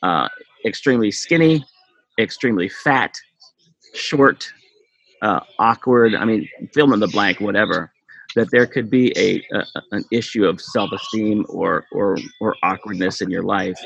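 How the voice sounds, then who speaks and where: A man hosting an interview, talking haltingly and repeating words as he gathers his thoughts. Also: fairly low pitch, vocal fry, a bit bright. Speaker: podcast host. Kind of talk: casual interview chat. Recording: dull lo-fi audio with faint noise.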